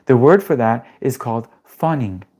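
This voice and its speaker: Mellow-toned coach talking nervous system stuff, swears a lot, keeps asking "right?", walks you through breathing. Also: mid-range voice, normal speed. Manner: animated, swears casually, asks rhetorical questions. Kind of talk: motivational talk with guided breathing.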